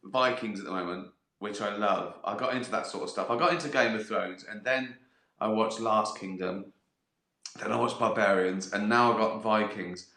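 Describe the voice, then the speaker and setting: A man's voice: on the low side, moderate pace, sharp tone. A middle-aged man hosting a casual live stream, reading viewer questions and swearing often, breaking into laughter and acting out little voices. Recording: echoey room.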